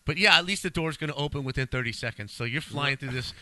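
A man's voice: on the high side, quick pace, pushed and bright. A middle-aged man co-hosting a casual podcast, telling stories in a laid-back, emphatic way. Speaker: podcast co-host. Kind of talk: casual chat.

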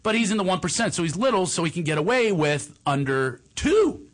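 A middle-aged man telling funny, self-mocking stories to a table of hosts. His voice is husky and a touch high, with lively swings in pitch. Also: fairly quick. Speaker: guest storyteller. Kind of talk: comic anecdote on a talk show.

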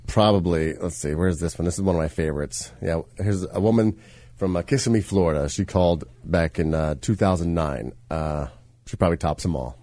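Low-pitched man with a dry, close sound, hosting a loose comedic chat and riffing on stories. He reads from notes between jokes in an easygoing tone. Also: warm tone, no echo. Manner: joking, puts on silly voices. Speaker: podcast co-host.

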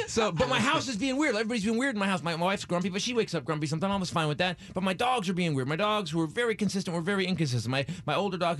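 A man's voice: a little high, fairly bright tone. A man in his forties telling a comic story, with stammering restarts and acted-out voices. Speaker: comedian telling a story on a podcast.

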